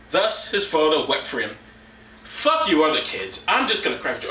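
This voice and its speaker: Guy snarking through bible verses, bouncy pitch, echoey room, mic kinda far. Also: very animated, a little fast, bright, forceful tone. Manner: mocking, jumps into silly high voices for characters. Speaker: comedy vlogger. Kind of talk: sarcastic bible reading commentary.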